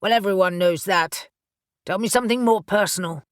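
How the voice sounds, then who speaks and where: A woman voicing a gruff, suspicious winged male warrior angel who talks bluntly in an audiobook. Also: mid-range voice, a little fast, no room sound, clean studio sound, natural voice.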